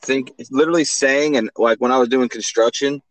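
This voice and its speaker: A man's voice: medium pitch, fairly even intonation, a little fast, no room sound, poor audio. A man co-hosting a podcast, telling crude stories in a joking, slangy way. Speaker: podcast co-host. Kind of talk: casual chat.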